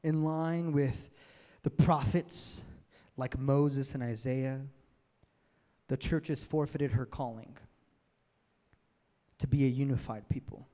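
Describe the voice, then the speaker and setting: A man's voice: mid-range voice, fairly even intonation, slow, long pauses, mellow. A male pastor giving a sermon, conversational and building to emphatic peaks. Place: church hall with long reverb. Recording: reverberant hall sound.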